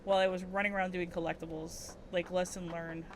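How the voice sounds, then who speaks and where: A woman's voice: on the low side, little pitch movement, fast, background noise. Swearing woman streamer muttering through gameplay. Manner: muttering to herself, swearing, scattered. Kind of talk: casual gameplay commentary.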